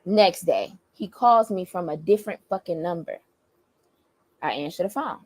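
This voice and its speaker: A young woman, a battle rapper, telling a story in an animated, profane, emphatic rant. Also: mid-range voice, moderate pace, no echo.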